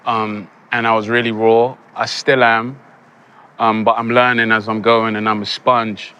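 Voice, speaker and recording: Young man, bright forceful voice, animated storyteller, faint background hiss. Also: lowish voice, unhurried. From England. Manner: animated, laughs often, acts out quoted lines. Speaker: actor guest. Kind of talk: casual interview storytelling.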